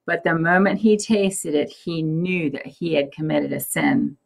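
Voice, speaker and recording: Gravelly-voiced woman reading a Bible story. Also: low-pitched, poor audio. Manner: expressive, measured.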